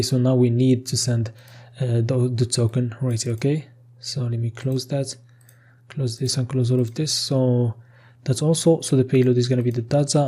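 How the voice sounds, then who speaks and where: Mellow, husky man narrating code. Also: mid-range voice. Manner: thinks aloud while typing, frequent "okay", casual restarts. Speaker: programming tutor. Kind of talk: screen-recorded coding tutorial.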